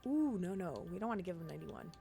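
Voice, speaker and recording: Animated woman streaming a game. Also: on the low side, quick pace, vocal fry, soft background music. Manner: animated, chatty, exclaims and gasps often. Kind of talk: casual gameplay commentary.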